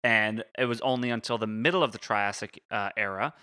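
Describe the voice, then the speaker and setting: Man, podcast co-host, casual explaining, tripping over long words, crisp edge, dead-dry room. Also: on the low side, a little fast, sharp tone, no echo. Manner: explains step by step, stumbles over and corrects big words. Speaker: podcast co-host presenting the topic.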